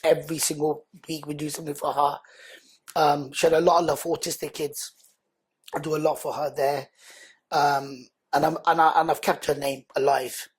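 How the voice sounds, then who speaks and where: A man, a guest on a podcast, telling his life story in an earnest, animated, conversational way. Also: fairly high pitch, normal speed, slightly rough. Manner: animated, earnest, acts out quoted speech loudly.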